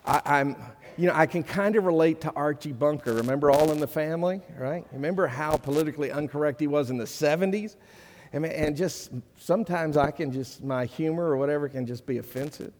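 A man's voice: a little high, fairly quick, a little mellow. A middle-aged male pastor preaching a sermon, earnest and conversational, building to emphatic peaks. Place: church sanctuary. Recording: long reverb of a church hall.

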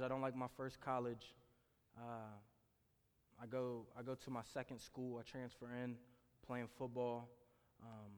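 Man, mid-range voice, earnest testimony storyteller, long hall reverb. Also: mid-range voice. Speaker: speaker sharing a testimony. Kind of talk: personal testimony speech.

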